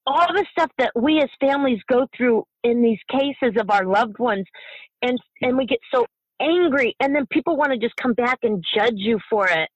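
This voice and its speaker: In a tearful interview, a bereaved middle-aged mother speaks with passion, stumbling and repeating herself as she nears crying. Her fairly high voice is recorded dry, with no room sound, and the high frequencies are cut off.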